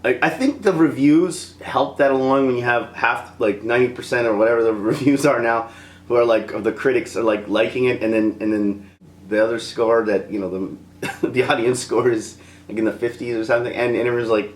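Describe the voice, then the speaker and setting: A man's voice: mid-range voice, expressive, moderate pace, echoey room. A man giving a rambling, casual film review, laughing often and slipping into impressions.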